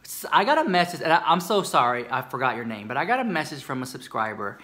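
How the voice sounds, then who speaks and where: An American beauty commentary YouTuber gossips sassily to camera about beauty news, dramatic and chatty, calling the viewer "girl." His mid-range voice swings widely in pitch, fast, bright and forceful.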